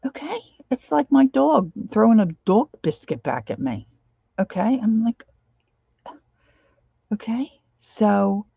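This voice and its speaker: A woman's voice: medium pitch, creaky, dark tone, no echo, lo-fi sound. A middle-aged woman chatting casually to herself and her viewers while she crafts at home, rambling from one thought to the next. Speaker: craft vlogger.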